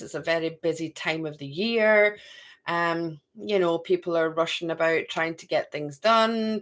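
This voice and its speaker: A woman's voice: fairly low pitch, fairly bright tone. A middle-aged woman giving a live card reading to viewers. She chats, talks to herself and repeats phrases. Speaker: card reader.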